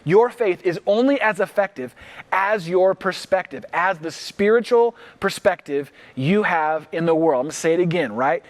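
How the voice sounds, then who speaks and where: A male pastor preaching a livestreamed sermon with no congregation present, acting out worried reactions and repeating key lines slowly for emphasis. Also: sits high, lively intonation. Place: church, livestreamed without congregation.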